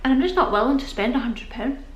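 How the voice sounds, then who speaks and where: A young British woman, working as a vlogger, chats casually to camera in a high, animated voice, talking fast, out of breath, rambling, and laughing often. The sound is lo-fi and the room is echoey.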